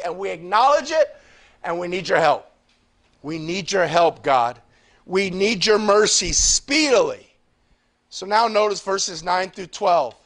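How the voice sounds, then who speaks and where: A man preaching a Bible study sermon, reading scripture aloud and swinging from quiet confiding asides to fervent, pleading outbursts. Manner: rises into fervent shouted pleading, then drops low. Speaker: pastor.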